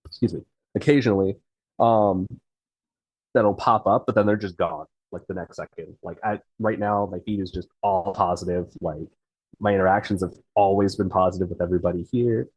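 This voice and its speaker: Husky guy, fairly low voice, rambles on a podcast, dry close sound. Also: fairly even intonation, normal speed, darkish tone, no room sound, poor audio. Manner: rambling, lots of fillers. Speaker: podcast guest, fiction writer. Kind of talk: casual interview chat.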